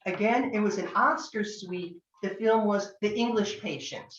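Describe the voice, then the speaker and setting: A woman's voice: mid-range voice, normal speed. An older woman from Northern California teaching tarot in a chatty, anecdotal way, acting out bits of dialogue. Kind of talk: online master class talk. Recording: echoey, distant, dull lo-fi sound.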